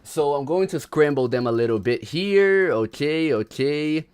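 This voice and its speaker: A man's voice: on the high side, animated, a little slow, a little mellow, clean tone. Chatty male livestreamer greeting viewers. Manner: chatty, greets viewers by name, hypes up the crowd. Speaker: livestream host. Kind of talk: casual livestream chat.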